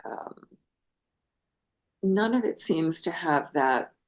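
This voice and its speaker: An older woman, a translator and guest, speaking reflectively in an interview and often pausing to search for words. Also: deep voice, animated. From United States. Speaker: guest, translator of Persian poetry. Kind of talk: thoughtful interview conversation.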